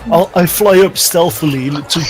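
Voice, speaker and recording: A man's voice: fairly high pitch, normal speed, faint music behind, low-quality recording. A man playing a tabletop game, talking casually and often restarting his sentences. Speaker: player.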